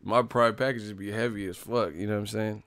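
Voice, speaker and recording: A man's voice: on the low side, fairly even intonation, fairly quick, fairly bright tone, dry recording. A man hosting a boxing channel, riffing in a loose, profane comedic rant and laughing often. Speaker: boxing commentator.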